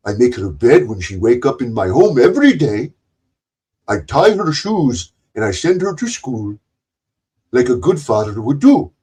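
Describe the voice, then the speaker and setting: A man's voice: fairly high pitch, a little mellow, breathy edge, exaggerated voice. A man doing a mocking impression of a boastful, self-pitying man, with a put-on Indian accent in a rambling confessional monologue.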